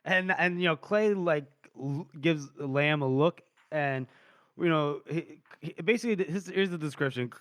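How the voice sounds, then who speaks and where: A man co-hosting a podcast who retells a story in a casual, animated way and laughs often. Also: fairly high pitch, moderate pace, dry recording. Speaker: podcast co-host. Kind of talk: casual book discussion.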